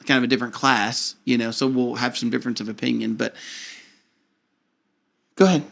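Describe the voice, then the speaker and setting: A man's voice: medium pitch, little pitch movement, brisk, vocal fry, a bit bright. A man, a pastor co-hosting a casual podcast and teasing his wife. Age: 30s. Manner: laid-back, self-deprecating, teasing. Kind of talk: casual chat.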